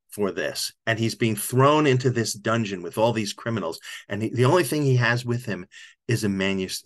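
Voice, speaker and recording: A man's voice: on the low side, fairly bright tone. An older man, an author, telling a heartfelt story in an interview, repeating and restarting as he gets choked up. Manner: reflective, emotional storyteller with frequent restarts. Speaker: author and podcast guest.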